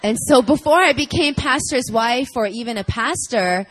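A woman's voice: fairly high pitch, moderate pace, rough recording. Chatty woman pastor telling a story. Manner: chatty, animated storytelling with laughs. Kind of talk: church introduction, storytelling. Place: church.

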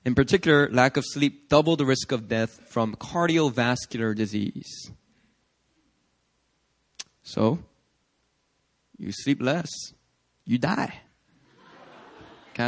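A young man preaching a sermon in a casual, animated, conversational way, acting out little quoted scenes. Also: medium pitch. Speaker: pastor. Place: church service.

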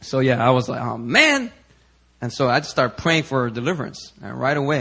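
A man preaching, telling a chatty testimony in an animated, storytelling way with lots of fillers. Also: medium pitch, fairly quick, gravelly, breathy edge.

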